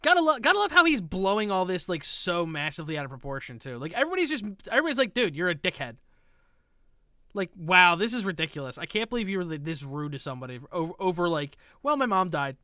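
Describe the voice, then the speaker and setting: Sarcastic lady streamer ranting at a clip, bright crisp voice, dry room. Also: lowish voice, big pitch swings, racing, few pauses, no echo. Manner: sarcastic, exasperated, mocking. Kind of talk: casual reaction commentary.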